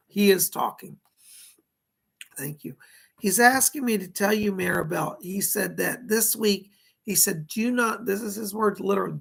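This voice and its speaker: A man's voice: high voice, vocal fry, fairly bright tone, slightly rough. A man hosting live psychic readings, losing his voice, giving reassuring and repetitive advice. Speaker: psychic medium, host.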